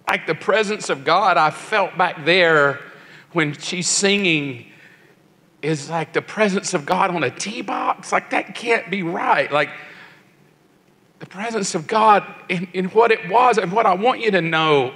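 A man in his sixties preaches to a youth crowd, telling his story with feeling and slipping into the voices of the people in it. His voice sits high and bright, carried by the long reverb of a large church hall. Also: measured pace. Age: 60s. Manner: emotional storytelling, acts out quoted voices. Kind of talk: sermon.

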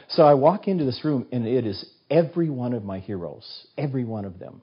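A man's voice: medium pitch, fast, hardly any pauses, slightly rough. A man in his sixties, a guest author on an interview show, telling stories with animation and acting out the voices of the people in them. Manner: animated storyteller who acts out quoted voices. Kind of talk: casual interview storytelling. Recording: dull, muffled recording.

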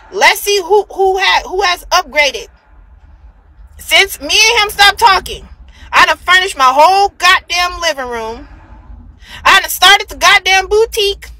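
A woman's voice: very high-pitched, bright, forceful tone, dry recording, low-quality recording. A woman on a phone livestream, ranting heatedly and profanely, repeating herself for emphasis. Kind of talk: angry livestream rant.

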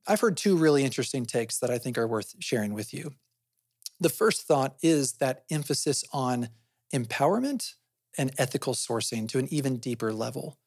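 Man, podcast host, conversational explainer, asks himself questions, mid pitch, dry close sound. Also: expressive, normal speed, darkish tone, no room sound. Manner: often adds "right?" as a tag.

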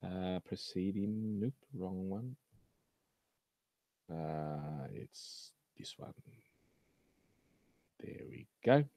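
Slow, halting man with a low, dark voice. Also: animated, no echo. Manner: halting, many fillers and restarts; sarcastic about news articles. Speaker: host. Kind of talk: casual science commentary.

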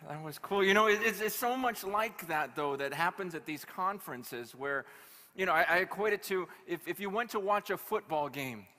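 A male pastor preaching at a conference, telling stories in an animated, conversational way with humor. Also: high-pitched, moderate pace. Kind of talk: conference sermon. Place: live conference hall.

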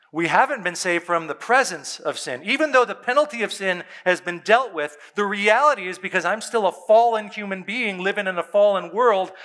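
A man preaching from the pulpit with a high, bright and forceful voice. He talks earnestly and presses each point home, often repeating a line to drive it in. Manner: earnest, emphatic preaching with repetition. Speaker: pastor. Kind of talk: sermon.

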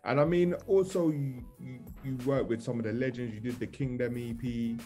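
A man hosting a casual interview, eager and slangy, quick to affirm his guest. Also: medium pitch, warm tone, soft background music. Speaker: interviewer host.

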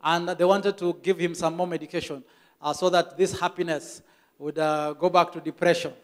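High-voiced Kenyan pastor preaching. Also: male voice, fairly even intonation, moderate pace. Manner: storytelling with emphatic repetition. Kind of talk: sermon. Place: church.

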